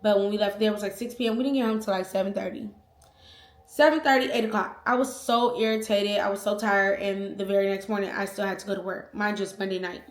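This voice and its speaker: A young woman vlogger tells a personal story in a casual, slangy, animated way, acting out the quotes. Her mid-range voice moves fast, and the room sounds echoey.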